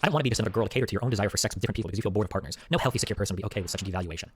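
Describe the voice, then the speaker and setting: A man's voice: fairly low pitch, very fast, breathy edge, dry recording. A man streaming live, talking in a rambling, profane way and often tagging "okay?" onto his sentences. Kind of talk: casual live-stream monologue.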